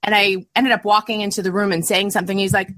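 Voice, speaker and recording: A woman's voice: medium pitch, fast, no echo. A woman guest in a casual podcast chat, telling stories with frequent giggles. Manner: giggly, lively storyteller.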